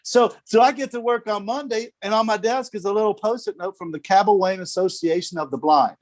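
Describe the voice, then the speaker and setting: A man of about sixty with a slightly high voice, a TV sports director speaking as a guest on a video call. He tells stories in a chatty, easy way, laughs often and repeats a few words before each phrase gets going. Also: fairly quick. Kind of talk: casual storytelling in an interview.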